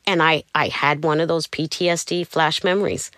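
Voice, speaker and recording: A woman recounts her life as an interview guest, slipping into the voices of the people in her stories. Her voice sits fairly low, and it is recorded close and dry, with no room sound. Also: fairly even intonation, moderate pace, fairly bright tone, no room sound. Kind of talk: candid interview storytelling.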